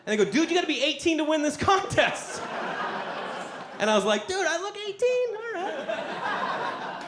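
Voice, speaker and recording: A man on stage telling a long comic story to a live audience, acting out the voices of the people in it. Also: on the high side. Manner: animated, acts out voices of people in his story. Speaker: stand-up comedian. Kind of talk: stand-up storytelling.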